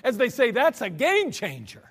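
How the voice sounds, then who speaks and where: A man's voice: very high-pitched, huge pitch swings, moderate pace, creaky, fairly bright tone, husky. A man preaching an earnest, conversational sermon with humorous asides in a church service. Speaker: pastor. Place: church sanctuary. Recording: archived church service with long hall reverb.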